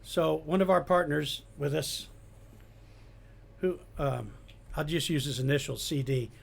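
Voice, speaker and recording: An older man, a retired police detective, telling animated anecdotes in a casual chat. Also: fairly high pitch, measured pace, vocal fry, slight background noise. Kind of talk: casual storytelling.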